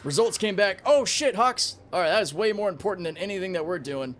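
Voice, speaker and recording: A young man streaming a space game, chatting casually with his viewers, excitable and swearing freely. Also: high voice, fast, slight background noise. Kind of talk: casual livestream commentary.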